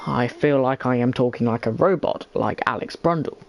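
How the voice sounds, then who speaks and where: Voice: mid-range voice, moderate pace, creaky, low-quality recording. Lap-by-lap sim race commentator. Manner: lap-by-lap updates, casual with fillers.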